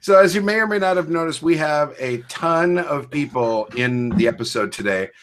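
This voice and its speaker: A man hosting a casual podcast with friends, joking and teasing his guests in a playful, animated way. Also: on the high side, normal speed, over a noisy crowd. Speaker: podcast host. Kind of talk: casual group chat.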